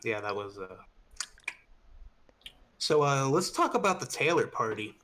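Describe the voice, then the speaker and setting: A man's voice: medium pitch, very animated, measured pace, pushed and bright, slight background noise. A young man co-hosts a casual podcast stream and tells a long, rambling party story. He swears freely, restarts his sentences and laughs along with his friends. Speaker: podcast co-host.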